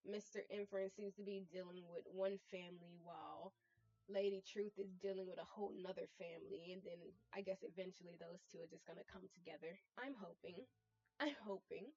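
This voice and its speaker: A woman's voice: fairly low pitch, fairly even intonation, brisk, a little mellow. Swearing chatty woman game streamer. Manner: profane, laughing, chatty. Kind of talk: casual stream commentary, reading story aloud. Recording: dull lo-fi sound.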